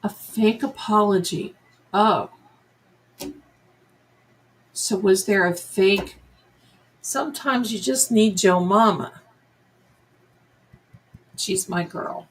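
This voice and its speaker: A woman's voice: mid-range voice, slow pace, pauses often, a little hiss or hum, poor audio. A middle-aged woman hosting a live psychic tarot reading, musing aloud and chatting to her viewers and her cats. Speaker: psychic medium livestream host.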